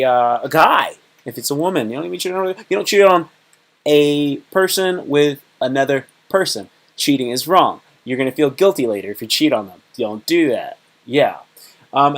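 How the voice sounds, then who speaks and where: A man hosting a casual livestream talk, rambling and repetitive, often acting out little dialogues. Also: fairly high pitch. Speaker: host. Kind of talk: casual livestream monologue on self-improvement.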